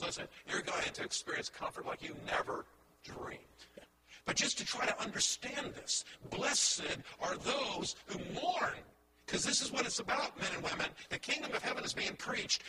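High-voiced impassioned male preacher. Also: heavy background noise. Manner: impassioned, shifting from hushed to loud; repeats words when building a point. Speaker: pastor. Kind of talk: sermon.

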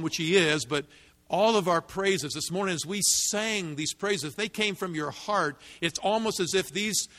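A man preaching in a church sanctuary, his slightly high voice carrying through a long, echoing reverb. He speaks with emphasis and swells into fervent peaks whenever he reads scripture aloud. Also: fairly bright tone. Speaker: pastor. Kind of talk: sermon. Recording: long reverb of a large hall.

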